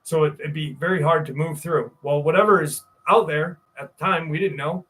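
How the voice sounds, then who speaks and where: A man's voice: on the high side, a little fast, fairly bright tone. A man in his forties from New York, hosting a live stream and telling a rambling, profane story in a casual way. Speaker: show host.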